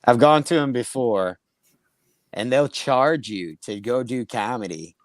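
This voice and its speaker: A man's voice: mid-range voice, measured pace, no room sound. Profane storytelling man, dry sound. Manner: profane, rambling anecdotes with acted-out quotes. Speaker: comedian, podcast co-host. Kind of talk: casual storytelling chat.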